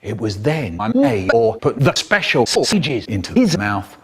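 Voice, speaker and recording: An older man reading a children's story aloud in a theatrical, expressive way, jumping into high squeaky voices for the characters and stretching words for effect. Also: a little slow. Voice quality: expressive, voices the characters with big pitch jumps. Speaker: storyteller in a spliced comedy edit.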